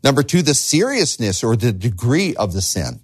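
A man's voice: medium pitch, sing-song, normal speed, husky. A man preaching a sermon as a pastor, earnest, asking the listeners rhetorical questions and repeating words as he starts phrases.

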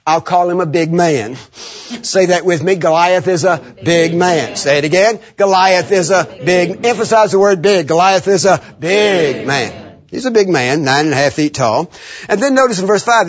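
A man preaching a sermon, animated and laughing often, leading the congregation in call-and-response. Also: high-pitched, breathy edge. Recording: muffled lo-fi sermon recording.

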